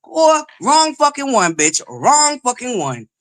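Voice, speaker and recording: A woman hosting a livestream, loud and belligerent, who swears nonstop while greeting viewers and pushing for likes. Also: sits high, sing-song, slow pace. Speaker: livestream host. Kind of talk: profane live-chat commentary.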